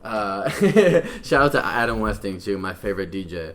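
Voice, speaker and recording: A young man with a Midwestern American accent, his voice sitting on the low side. He rambles through a casual podcast chat, swearing freely and calling his friend bro. He sips beer as he talks. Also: brisk, bright, forceful tone. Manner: rambling, slangy and profane, keeps saying bro; drinking beer while talking. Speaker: guest. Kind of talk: casual conversation.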